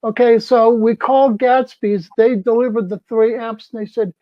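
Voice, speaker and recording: A man's voice: very high-pitched, fairly even intonation, normal speed, no room sound. A man in his seventies, a former festival crew member, tells a story casually and acts out the people he quotes. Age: 70s. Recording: dull, dry lo-fi sound.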